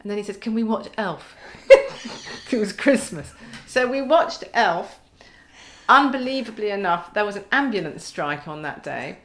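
A woman's voice: mid-range voice, expressive, a little slow, fairly bright tone. Woman, forties, podcast guest, wry, self-mocking, laughing, casual chat.

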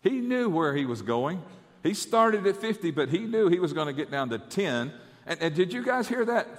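Stammering preacher in a hall. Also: male voice, a little high, expressive, a little fast. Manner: stammering repetitions, conversational. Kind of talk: sermon.

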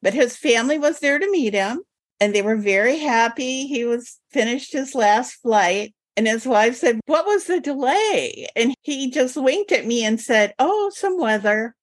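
Higher-voiced older woman telling a story. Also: normal speed, no echo. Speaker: guest, former flight attendant. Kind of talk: storytelling in an interview.

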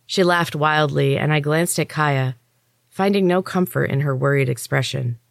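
A woman storyteller and author giving a steady, expressive first-person audiobook reading into a close mic. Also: low-pitched, normal speed, vocal fry, no room sound. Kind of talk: scripted audiobook narration.

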